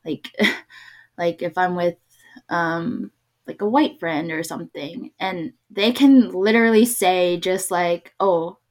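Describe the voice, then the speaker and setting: A woman's voice: on the low side, slow. A woman born in Korea, talking casually and animatedly, laughing often and using many fillers. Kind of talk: casual chat.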